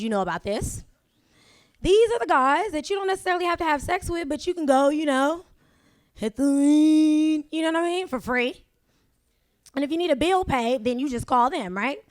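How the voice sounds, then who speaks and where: Sassy high-voiced female stand-up comic. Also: a bit bright, no echo, studio quality. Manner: sassy, confiding crowd work. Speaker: stand-up comedian. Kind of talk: stand-up comedy set. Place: comedy club stage.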